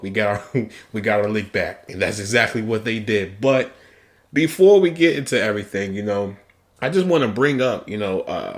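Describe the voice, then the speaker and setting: A man hosting a football podcast solo, talking with hyped, energetic delivery, big shouted outbursts and repeated "okay?" and "guess what?". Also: medium pitch. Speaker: podcast host.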